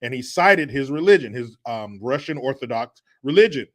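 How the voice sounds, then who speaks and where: A middle-aged man hosting a casual political commentary stream, reading viewer comments with sarcastic, mocking asides that swing from loud to muttered. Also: mid-range voice, lively intonation, normal speed.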